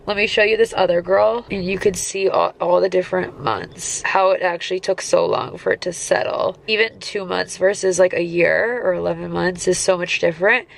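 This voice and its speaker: A woman's voice: on the low side, normal speed, gravelly, hardly any pauses. A young woman in her twenties, congested and talking strangely, chatting casually in a recovery vlog with lots of "like". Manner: chatty, lots of "like", dips into whispers. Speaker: vlogger.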